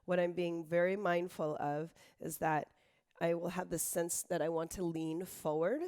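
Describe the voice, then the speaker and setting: A woman in her thirties teaching an online dance lesson, hoarse from being sick and tired, counting beats and calling out moves while she dances. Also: on the low side, a little mellow. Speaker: dance instructor.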